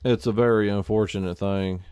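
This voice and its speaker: Low, smooth-voiced Southern streamer man. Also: fairly even intonation, moderate pace, dark tone, no echo, muffled recording. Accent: Southern US (Alabama). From Alabama, US South. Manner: rambling, loose, heavy on fillers. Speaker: live streamer playing a survival game. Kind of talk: casual chat while gaming.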